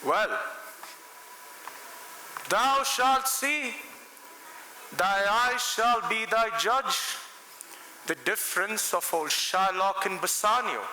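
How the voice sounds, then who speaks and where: A man's voice: sits high, slow pace, pauses often, pushed and bright, heavily acted. A young man playing a stern old moneylender on stage. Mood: scolding. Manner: scolding, calling out sharply. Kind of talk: stage play acting. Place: large school hall, stage. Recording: echoey large hall, faint hiss.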